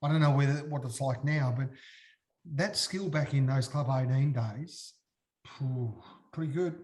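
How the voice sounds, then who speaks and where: An Australian man tells a story in a lively way, acting out each moment as he speaks. His pitch sits at an ordinary middle height. The room gives his voice a noticeable echo. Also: unhurried. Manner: lively storyteller, re-enacting scenes. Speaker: guest, former footballer. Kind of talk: animated anecdote with props. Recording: roomy echo.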